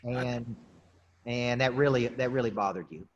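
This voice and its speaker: A man in his forties hosting a conversational interview, measured and affirming, often repeating his words. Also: mid-range voice, muffled recording. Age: 40s. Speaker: host.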